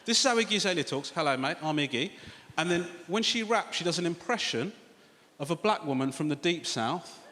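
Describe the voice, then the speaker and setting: A man with an English accent doing a stand-up comedy set on a large theatre stage, animated and swearing, with mocking asides to the crowd. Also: high voice, brisk. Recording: roomy live theatre recording with loud crowd noise.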